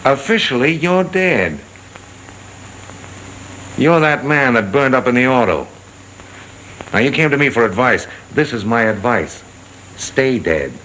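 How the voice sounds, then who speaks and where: A blunt fixer, snapping out orders in a bright, forceful voice. His pitch rises and falls a lot as he presses his point. There is a faint hiss from an old film soundtrack. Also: sing-song, a little slow, long pauses, poor audio. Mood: stern. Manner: urgent and blunt, clipped orders. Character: blunt male fixer advising a fugitive. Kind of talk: 1930s film acting.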